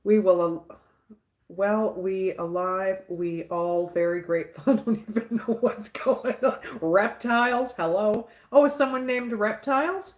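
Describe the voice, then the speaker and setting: A woman's voice: mid-range voice, a little slow, a little mellow, roomy sound. A woman hosting a livestream, chatting casually and reading out viewer comments, laughing often and repeating little catchphrases. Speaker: livestream host.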